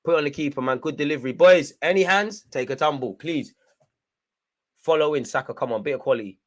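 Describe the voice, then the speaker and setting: A young man giving excitable live fan commentary on a football match, urging players on and swinging between frustration and hype. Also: medium pitch, fast.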